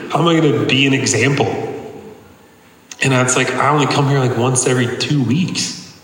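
A man tells his own story from the pulpit, casual and earnest, dropping filler words as he goes. His voice sits at an ordinary middle pitch and rings through a big reverberant hall, with faint room noise underneath. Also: moderate pace, long pauses, a bit bright. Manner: conversational, earnest, many "like" fillers. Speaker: preacher giving testimony. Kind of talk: sermon testimony. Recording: echoey hall, long reverb.

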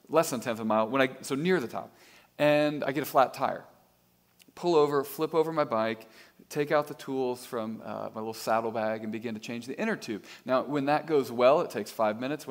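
A middle-aged man preaching a sermon as pastor, telling stories with self-deprecating humor. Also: medium pitch.

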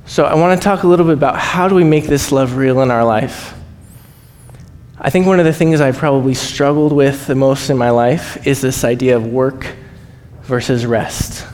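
A man preaching as a missionary, telling stories with lively acted-out voices and frequent laughs. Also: moderate pace. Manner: animated, acts out quoted voices, laughs often. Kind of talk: storytelling sermon. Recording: echoey hall, faint rumble.

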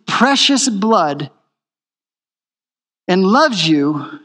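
A man's voice: a little high, measured pace, fairly bright tone, in a large hall. A man preaching a sermon in a church, emphatic and repeating his key phrases. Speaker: pastor.

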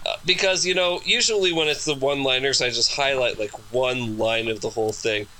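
A man co-hosting a casual book discussion, animated and laughing often. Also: medium pitch, fairly quick, slight background noise, poor audio. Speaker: podcast co-host.

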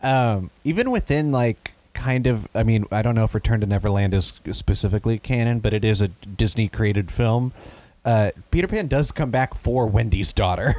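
A man's voice: lowish voice, moderate pace, darkish tone, no room sound. A man in casual podcast chat who explains things at length in a wry tone, chuckling between points.

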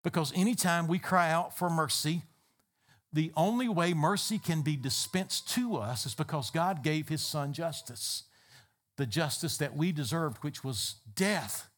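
A man's voice: a little high, expressive, a little slow, fairly bright tone. A man preaching a sermon as a pastor, building emphatic repeated phrases. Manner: emphatic, repetitive preaching cadence.

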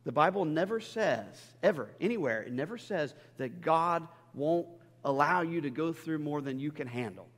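A man's voice: on the high side, expressive, moderate pace, few pauses. A male pastor preaching a sermon in a church, talking conversationally and building to emphatic peaks. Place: church sanctuary. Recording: long hall reverb.

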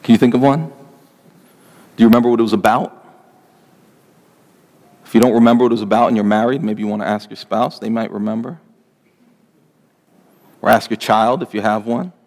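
Male pastor, mid-pitched and earnest, preaching with a long hall echo trailing his words. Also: steady tone, fairly quick, long pauses, darkish tone. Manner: earnest, pleading, rising emphasis on lists. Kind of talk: sermon.

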